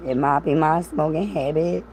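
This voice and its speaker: A woman rambles through a casual livestream, profane and amused. Her voice sits low. A faint hiss runs underneath. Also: moderate pace, darkish tone, poor audio. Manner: rambling, profane, laughs often.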